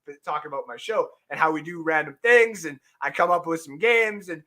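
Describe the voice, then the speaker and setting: Man, sports podcast host, casual, jokey, rambling, high lively voice. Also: brisk. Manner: rambling, jokey, bursts into shouted bits.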